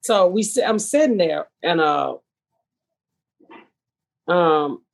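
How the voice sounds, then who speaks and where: A woman hosting a podcast, telling a story in a profane, animated way. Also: lowish voice, slow, vocal fry. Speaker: podcast host. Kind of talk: casual storytelling chat.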